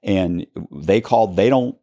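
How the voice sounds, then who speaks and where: Man, low voice, interview guest, storytelling, quoted dialogue, restarts, dry recording. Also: unhurried, warm tone, dry recording.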